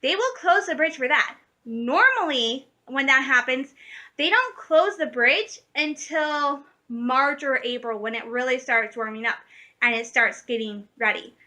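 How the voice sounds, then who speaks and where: A woman's voice: sits high, lively intonation, measured pace, bright, forceful tone. A woman, vlogging in a rambling, chatty way, laughing often and correcting herself mid-sentence. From Michigan, USA. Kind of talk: casual vlog chat.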